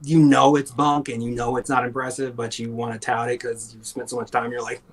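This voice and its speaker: A man with a husky, slightly breathy voice talks in loose, unscripted chat. He is sarcastic and swears freely, and he breaks into laughter often. At times he mocks people in put-on voices. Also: mid-range voice, completely flat delivery, fast talker, low-quality recording. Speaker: podcast co-host. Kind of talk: casual chat.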